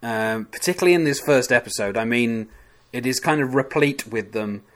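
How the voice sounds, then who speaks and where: A man's voice: mid-range voice, moderate pace. A British man with a British accent, the podcast's producer appearing as a guest, chatting casually and hesitantly, with many ums and likes. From Britain.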